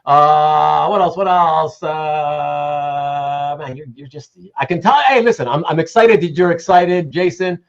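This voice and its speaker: On a muffled recording, a Canadian man with a higher-leaning voice hosts a laid-back livestream at a measured pace. He rambles, says hello to chat viewers by name, and swears casually here and there.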